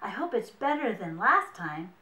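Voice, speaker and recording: A woman's voice: medium pitch, big pitch swings, moderate pace, sharp tone, echoey room, voice pushed down. A woman voicing a worried, doubting animal friend who talks in a skeptical way. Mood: doubtful.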